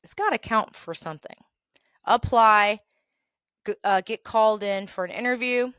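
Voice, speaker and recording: A woman hosting her own show, telling stories about past jobs in a chatty, animated way, with quick asides along the way. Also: fairly high pitch, smooth, no echo, clean studio sound. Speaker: podcast host telling work stories. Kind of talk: casual storytelling.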